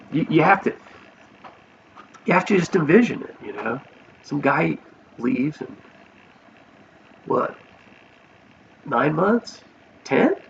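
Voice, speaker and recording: A man's voice: mid-range voice, vocal fry, fairly bright tone, recorded from a distance. A man vlogging a personal story, earnest and rambling, with many restarts, on a dull lo-fi recording with faint hiss.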